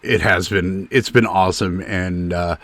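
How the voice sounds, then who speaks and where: A man's voice: deep voice, fairly even intonation, a little slow, a bit bright. A man hosting a live stream, chatting casually with a guest, teasing and joking with lots of fillers. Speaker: stream host.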